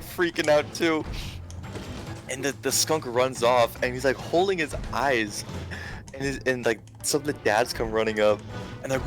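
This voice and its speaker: A man's voice: medium pitch, wildly swooping pitch, slow pace, pauses often, pushed and bright, faint music behind. A young man in his twenties telling a funny story while playing a game, laughing often and stumbling over restarts and fillers. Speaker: game commentary co-host. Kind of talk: casual storytelling over gameplay. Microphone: remote call with screen share.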